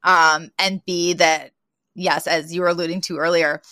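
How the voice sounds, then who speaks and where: A woman's voice: lowish voice, normal speed, no echo, clean studio sound. A woman co-hosting a podcast, recapping a sitcom episode in casual, chatty talk full of fillers. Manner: chatty, many fillers, lively retelling. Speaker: podcast co-host.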